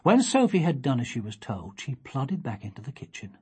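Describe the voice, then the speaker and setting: Low, husky woman reading a storybook. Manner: expressive, gently measured. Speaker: reader. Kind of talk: storybook read-aloud.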